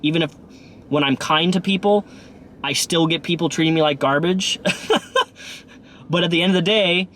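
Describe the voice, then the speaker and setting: A man's voice: on the high side, a little fast, fairly bright tone, slight background noise. A man in his thirties talking casually to camera in a rambling vlog, with many restarts and fillers. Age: 30s. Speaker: YouTuber and bus driver.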